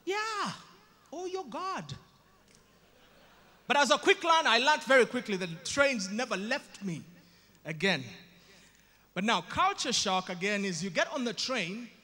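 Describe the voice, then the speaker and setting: A man from Uganda with a Ugandan accent doing animated stand-up storytelling, acting out voices with self-mocking asides. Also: high-pitched, normal speed. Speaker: stand-up comedian. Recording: live in an echoey hall.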